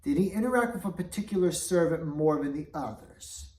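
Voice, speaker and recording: A woman's voice: sits low, animated, fairly quick, warm tone. A woman voicing a stern, commanding king who interrogates and gives orders, in a roomy recording from a distance. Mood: questioning. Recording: roomy, voice away from mic.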